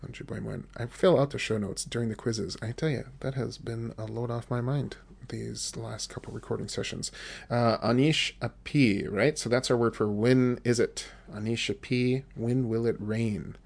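Male language teacher, mid-range voice with gravel, patient and repetitive, recorded close on a desk mic. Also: mid-range voice, fairly even intonation. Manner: patient, repeats phrases slowly for learners. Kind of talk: podcast language lesson. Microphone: desk microphone.

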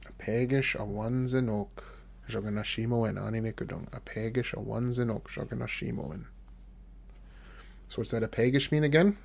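Patient man with a gravelly voice. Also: medium pitch, steady tone, a little mellow. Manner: patient, repeats phrases slowly for learners. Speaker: language teacher. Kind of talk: podcast language lesson. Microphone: desk microphone.

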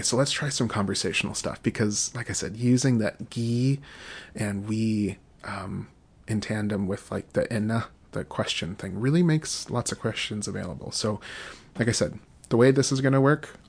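A man with a low, gravelly and somewhat husky voice teaches a podcast language lesson. He says each phrase slowly two or three times before explaining it. Between the drills he talks casually, with plenty of fillers. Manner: slow, repeated drilling of phrases.

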